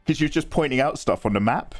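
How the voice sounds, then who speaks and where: A man's voice: mid-range voice, animated, fast talker. A man chatting casually and self-deprecatingly on a live art stream while he draws, reading chat aloud.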